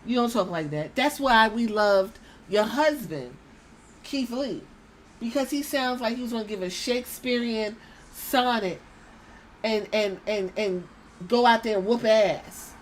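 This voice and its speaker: A woman's voice: fairly high pitch, a little slow, slight background noise. A young adult woman hosting a podcast, ranting bluntly with profanity and slipping into mocking impressions. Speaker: podcast host. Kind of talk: casual opinion rant.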